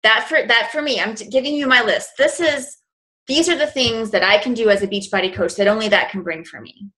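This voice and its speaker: Woman in her 40s coaching folks on a call, bright voice, talks earnest and chatty. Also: on the high side, a little fast, rough recording. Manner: earnest, conversational, lots of "you know". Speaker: business coach.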